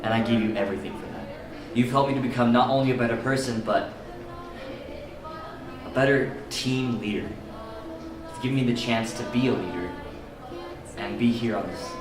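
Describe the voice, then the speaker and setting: A young man, a student, giving an earnest, halting tribute to his teacher. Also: fairly low pitch. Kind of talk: heartfelt tribute speech. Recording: roomy, distant, music behind.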